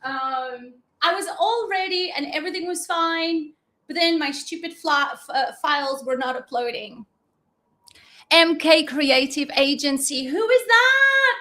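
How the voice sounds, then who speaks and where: A woman's voice: high voice, fairly bright tone. A woman hosting a live online class from home, chatting casually with viewers and swearing now and then. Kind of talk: casual live-stream chat. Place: home, in Dubai. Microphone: desk mic, sometimes moving away from it.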